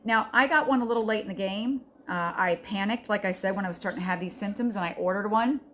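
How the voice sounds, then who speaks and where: A woman's voice: mid-range voice, quick pace, a bit bright, a little hiss or hum. A middle-aged woman in a casual, encouraging chat, earnest and talkative, often restarting with fillers. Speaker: vlogger sharing a health journey.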